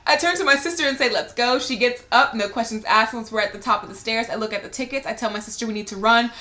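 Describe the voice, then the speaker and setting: Excitable young woman podcaster, bright voice. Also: a little high, fast, few pauses. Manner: excitable, laughs often, swears freely. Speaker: podcast co-host. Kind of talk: casual podcast chat, reading a listener letter aloud. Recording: roomy echo.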